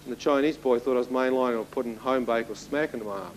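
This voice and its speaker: A man in his thirties gives a spoken testimony to an audience in a fast, mid-range voice, captured on a low-quality recording with slight background noise. He tells his story vividly and turns to the listeners with asides.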